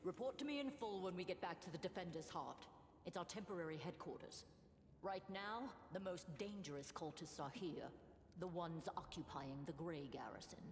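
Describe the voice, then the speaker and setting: Commanding female warden in a fantasy game; low-pitched, echoey with long reverb. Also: expressive, normal speed, a little mellow. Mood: earnest command. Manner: earnest and commanding. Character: stern female half-orc warden, battle leader. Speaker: temporary warden leading the defense.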